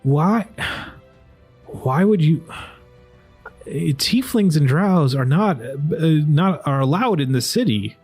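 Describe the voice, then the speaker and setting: A man voicing a wary, grumbling human father, halting and exasperated. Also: on the high side, animated, darkish tone, husky, soft background music, voice pushed up, full character voice.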